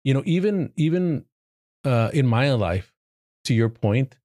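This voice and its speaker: A man's voice: medium pitch, animated, a little slow, mellow, no echo, studio quality. A man hosting a casual group podcast chat, talkative and swearing easily. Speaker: podcast host.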